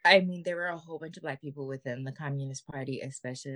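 A woman co-hosting a podcast, telling a story in a casual, animated way, slangy and swearing freely. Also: very deep voice, quick pace, no room sound. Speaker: podcast co-host.

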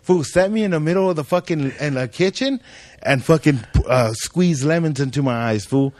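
A man's voice: fairly high pitch, animated, normal speed, darkish tone, no echo. Guy telling a story full of slang and cussing, dry close sound. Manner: slangy, profane storytelling, acting out voices. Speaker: podcast guest. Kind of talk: casual storytelling chat.

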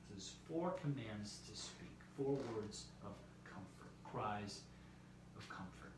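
A man preaching a sermon as pastor, measured, with his voice dropping softly at the ends of phrases. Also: lowish voice, animated. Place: church meetinghouse or similar room, streamed live. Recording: very echoey room, heard from a distance, faint hiss.

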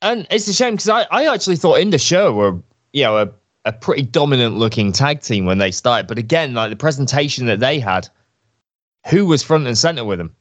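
A man co-hosting a wrestling chat show, enthusiastic and jokey in a relaxed conversational way. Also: medium pitch, brisk. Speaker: wrestling podcast co-host. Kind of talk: casual chat.

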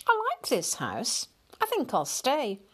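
A plump, proud ginger tomcat who puffs up with huffy indignation and talks in a raised, springy storybook voice, as a woman reads him aloud. His pitch rides up and down as he makes his pronouncements. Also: wildly swooping pitch, slow, fairly bright tone, slightly rough, heavily acted. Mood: pleased. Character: plump, proud male ginger lighthouse cat. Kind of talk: storybook reading.

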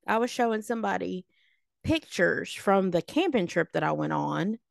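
A woman in her late thirties, a podcast co-host telling high school stories in a snarky, animated way. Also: moderate pace, creaky, no room sound, clean studio sound. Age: late 30s. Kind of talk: casual storytelling chat.

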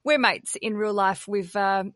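A chatty woman hosting a podcast, talking loosely and laughing a lot. Her voice sits at a middle pitch and sounds dry and close, with no room behind it. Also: unhurried, fairly bright tone, dry recording. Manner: chatty, laughs often, swears casually. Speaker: podcast host. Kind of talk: casual podcast chat.

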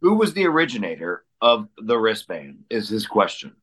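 Lively man co-hosting a podcast. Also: fairly low pitch, normal speed, breathy edge. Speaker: podcast co-host reading listener questions. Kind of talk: casual podcast chat.

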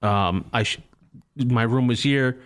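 A man's voice: mid-range voice, takes it slowly, clean tone. Man telling a rambling story. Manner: rambling, swears freely, laughs at himself. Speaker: podcast co-host. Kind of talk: casual storytelling chat.

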